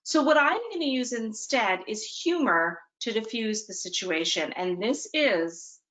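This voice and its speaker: A woman's voice: on the high side, animated, a little slow, a bit bright, rough recording. A woman presenting a webinar talk for parents, talking conversationally with dry, self-mocking humor and often checking in with "okay?". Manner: conversational, punctuates points with "okay?".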